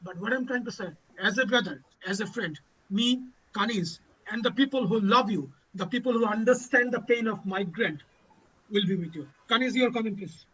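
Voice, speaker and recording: High, bright-voiced impassioned man. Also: normal speed, husky. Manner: emotional, repeats lines for emphasis. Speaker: host of a community panel. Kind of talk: impassioned advocacy speech. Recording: dull lo-fi audio.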